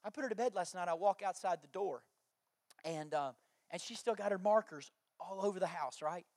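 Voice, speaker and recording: A man's voice: sits high, brisk, a little mellow, no echo, studio quality. A man, preaching a sermon through jokey family stories and acted-out quotes. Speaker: pastor.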